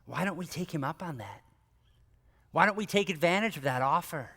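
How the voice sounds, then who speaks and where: Gentle earnest pastor guy, middle-aged, bit high voice, soft almost whispery, long echo. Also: a little fast. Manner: soft-spoken, dropping to near whisper for scripture; earnest, conversational, rises when animated. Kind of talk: devotional talk. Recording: long hall reverb.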